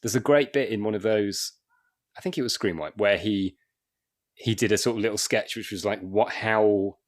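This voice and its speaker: A man's voice: on the low side, normal speed. A man chatting as a comedian guest on a podcast, rambling with many restarts and little acted dialogues. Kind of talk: casual podcast chat.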